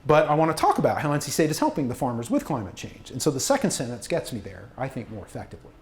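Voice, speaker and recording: A man's voice: mid-range voice, wildly swooping pitch, fast talker. A man leading a workshop on writing, chatty and self-deprecating, often restarting his sentences. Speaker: university communications workshop presenter. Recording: echoey room.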